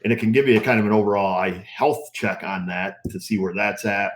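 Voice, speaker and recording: A middle-aged man with a notably low, deep voice talks to his viewers in a loose, unhurried live stream. He rambles in a relaxed way and leans on plenty of fillers as he goes. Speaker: auto repair channel host. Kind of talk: casual live stream chat.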